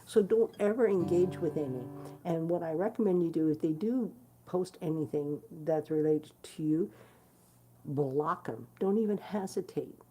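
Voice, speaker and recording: A woman's voice: deep voice, a little slow, dark tone, faint music behind. A woman musician talking casually to her followers, blunt and swearing freely, with many fillers and restarts. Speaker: guitarist hosting her own stream. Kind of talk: casual direct-to-camera chat.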